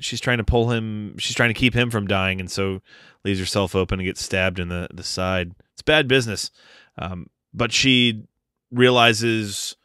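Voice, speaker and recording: A man's voice: lowish voice, pushed and bright, smooth, no echo, studio quality. A man co-hosting a podcast, casually talking through a film with cursing and laughter. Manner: laid-back, profane, laughs often. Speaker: podcast co-host.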